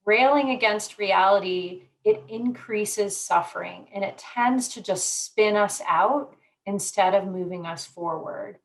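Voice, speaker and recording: A woman psychologist from Colorado, explaining ideas in a measured way with everyday examples during an interview. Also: medium pitch, poor audio. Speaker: psychologist guest. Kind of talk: conversational interview.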